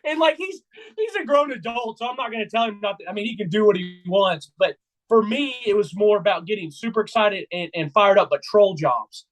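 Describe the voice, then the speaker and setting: Young guy w a high voice, hyped storyteller on a sports podcast, keeps acting out his trash talk. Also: brisk. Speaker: podcast co-host. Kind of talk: casual sports chat.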